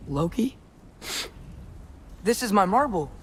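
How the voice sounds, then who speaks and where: Atreus, an earnest teenage hero. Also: male voice, high-pitched, very animated, takes it slowly, a bit bright, a little hiss or hum, full character voice. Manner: earnest, resolute. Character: earnest teenage boy, determined young hero. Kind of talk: video game voice acting.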